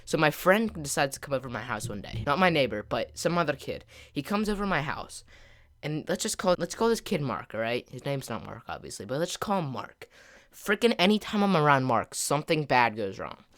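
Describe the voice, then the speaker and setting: Over gameplay, a gaming channel host tells a casual story in a slightly high voice at a slightly quick pace. He rambles with plenty of filler words and mild slang, getting louder and more excited as the story reaches its peak.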